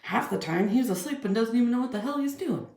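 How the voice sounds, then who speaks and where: A woman's voice: a little high, expressive, fast, a little mellow, echoey room. A woman ranting bluntly and profanely in a heated video commentary. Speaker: vlogger.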